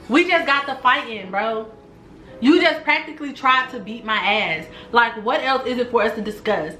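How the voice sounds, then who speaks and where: A woman telling a personal story to her viewers in a casual storytime vlog, animated and slangy, talking straight to the camera. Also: a little high. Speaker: storytime YouTuber. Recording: echoey room.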